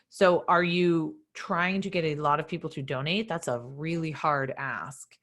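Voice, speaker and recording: Woman with a low voice doing a fundraising q&a, punchy and direct, answering question after question. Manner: energetic, direct, coaching tone. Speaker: nonprofit fundraising consultant. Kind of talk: live online office hours Q&A.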